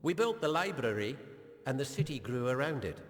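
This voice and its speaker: A man's voice: mid-range voice, very animated, fairly quick, natural voice. An actor playing a stern male gnome garrison captain in a video game, speaking in a formal, clipped, commanding manner. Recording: game audio with long reverb.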